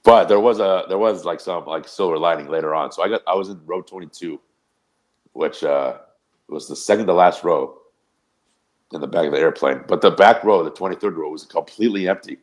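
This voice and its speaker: A man with a very low, deep voice tells a loose, rambling story on a podcast. He swears freely and keeps the tone casual and animated, with a lot of asides. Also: fairly quick. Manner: rambling, profane, animated anecdote. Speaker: podcast co-host.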